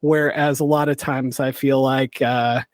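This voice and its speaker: A man's voice: mid-range voice, flat delivery, a little slow, dry recording. A man hosting a podcast, chatting casually in an enthusiastic, joking way. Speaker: podcast host. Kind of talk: casual chat.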